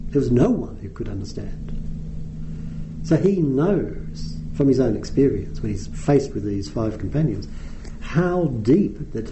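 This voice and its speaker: A man's voice: mid-range voice, gravelly, warm tone, a little hiss or hum. A male meditation teacher giving a conversational dharma talk with frequent ums, in a meditation hall. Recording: roomy hall echo.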